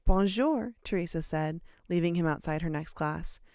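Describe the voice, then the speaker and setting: An audiobook reader narrating a short story in a steady, measured way. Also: mid-range voice, clean tone, no room sound, studio quality. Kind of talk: storybook narration read aloud.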